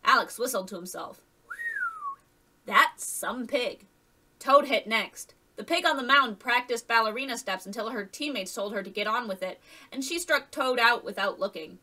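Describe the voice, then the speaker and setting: Bright-voiced woman reading a story aloud. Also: a little high, fairly quick, far from the mic, rough recording. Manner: lively reading with voiced characters. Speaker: audiobook reader. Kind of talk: scripted narration.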